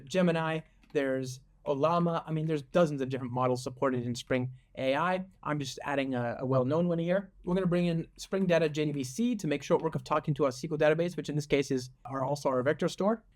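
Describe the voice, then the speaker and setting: A man hosting a casual coding tutorial, talking in an animated, joking way with frequent restarts. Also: fairly high pitch. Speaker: host and software developer advocate.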